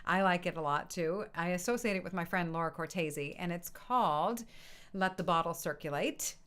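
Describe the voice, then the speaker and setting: A woman with a lowish, fairly bright voice hosts an online music session at a normal pace, greeting participants one by one and laughing often. It's a casual live-stream welcome picked up by a computer mic on a video stream.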